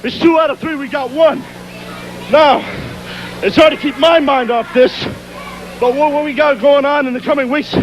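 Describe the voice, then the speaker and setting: A man's voice: extremely high pitch, a little hiss or hum, poor audio. A man, a pro wrestler, out of breath and pumped up, cutting a boastful promo.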